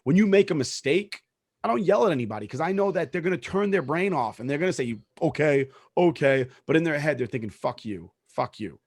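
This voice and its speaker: A man's voice: fairly high pitch, animated, fast, darkish tone, dry recording, clean studio sound. A man co-hosting a casual sports podcast, telling a story in an emphatic way and swearing freely. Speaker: podcast co-host; supervisor at work.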